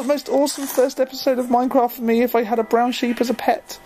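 A young man giving casual, excitable let's-play commentary, joking at his own expense and easily flustered as he plays. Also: very high voice, fast, hardly any pauses. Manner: excitable, jokey, easily flustered, self-mocking. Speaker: gaming video host.

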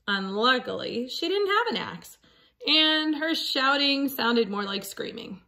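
A woman reading a picture book aloud to children in a slow, animated storytelling voice. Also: sits high. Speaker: storybook reader.

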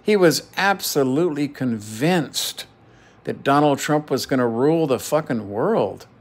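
Speaking unhurriedly with lively intonation in a mid-range voice, a middle-aged man vlogs an emotional rant to his camera. It's heated and full of profanity, with phrases repeated to drive points home.

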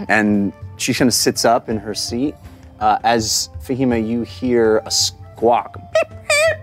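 A woman narrating as game master of a tabletop game, halting with fillers as she describes the scene. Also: extremely low pitch, faint music behind.

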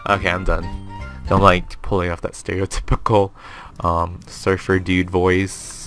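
A man's voice: low voice, flat delivery, measured pace, a bit bright, faint music behind. A man hosting a casual let's-play, rambling and joking to himself as he plays. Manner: rambling and self-amused, chats to himself. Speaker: gaming channel host.

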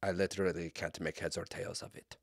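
A man's voice: low-pitched, gravelly, breathy edge, no room sound, studio quality, pitched below the performer's own voice, heavily acted. A man doing a baffled interpreter in broken English. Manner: halting broken English, flat and grumbling.

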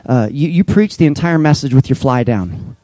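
A man voicing a hesitant colleague who stammers awkwardly, sounding a bit lower than his own voice. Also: expressive, normal speed, warm tone, lightly acted. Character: hesitant young male kids pastor.

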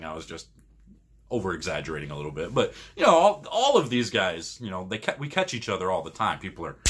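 Man, co-host, casual rambling storyteller, husky voice, bright forceful tone, laughs often. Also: sits low. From Michigan, US. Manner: rambling, laughs often, animated when retelling arguments. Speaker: podcast co-host and pro bowler.

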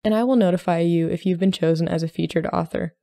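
A woman hosting a short-story podcast, reading a story aloud in a measured, gentle way. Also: on the low side, creaky, no echo. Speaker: podcast host and story reader. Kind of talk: storytelling narration.

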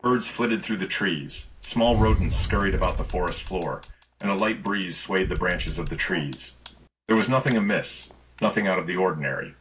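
Male narrator for a scripted horror read, low register, measured and tense. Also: noisy background.

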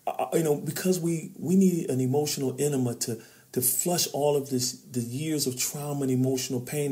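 A man's voice: a little high, dark tone. A middle-aged man, an author and men's trainer, speaking as a guest in a podcast interview, preacherly in tone, building to emphatic peaks. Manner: preacherly, rises to emphatic peaks, addresses host as brother.

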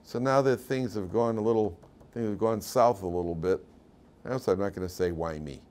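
Man retelling the words of a calm sick lady in her fifties, steady and plain, low-pitched. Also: brisk, lightly acted. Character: calm, gracious woman in her fifties, gravely ill.

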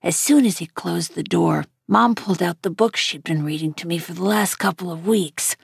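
A woman reading a novel aloud in an unhurried, even storytelling manner. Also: on the low side, creaky, breathy edge, dry recording, studio quality. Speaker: reader.

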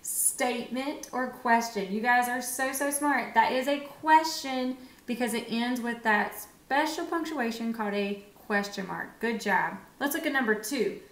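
Young woman teacher, fairly high voice, unhurried encouraging phonics lesson, roomy echo. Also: fairly bright tone. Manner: slow, encouraging, sounds words out with pauses. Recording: echoey room.

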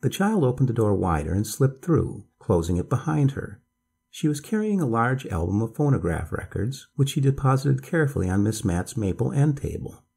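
A man calmly reading a bedtime story aloud as narrator, in a measured storytelling voice. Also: mid-range voice, creaky, slightly rough.

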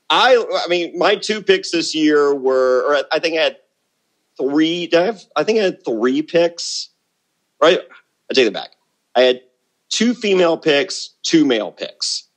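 A middle-aged man, a guest in a casual interview, telling brash, rambling stories full of restarts and quick asides. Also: a little high. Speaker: guest, former reality show contestant.

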